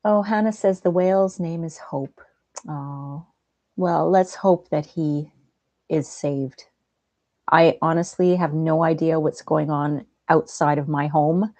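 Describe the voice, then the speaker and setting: A woman hosting a livestream, chatting gently and reading out viewers' comments. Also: low-pitched, steady tone, takes it slowly, dry recording. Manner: soft-spoken, gentle, chatty. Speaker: livestream host.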